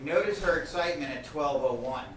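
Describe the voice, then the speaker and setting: A man improvising a deadpan comic slideshow story on a comedy stage. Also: on the high side, a little fast, far from the mic, very noisy. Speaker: improv performer. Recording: echoey room miked from afar.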